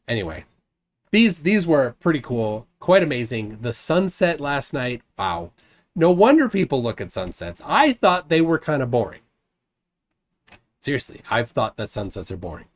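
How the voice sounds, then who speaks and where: Animated rambling male streamer. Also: mid-range voice, unhurried, long pauses. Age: adult, married. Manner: rambling with frequent restarts and fillers. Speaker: streamer host reading live chat. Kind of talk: casual live-stream chat.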